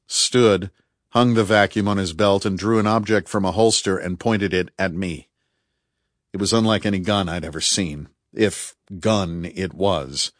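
Low-voiced man narrating tense fiction. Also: no echo, clean studio sound. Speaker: audiobook narrator. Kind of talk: first-person fiction narration.

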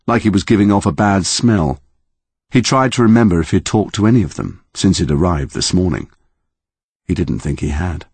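A deep-voiced man reads a story aloud with a husky grain. His delivery swings widely in pitch, and the recording is close and dry. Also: no echo. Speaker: audiobook narrator. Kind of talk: scripted narration.

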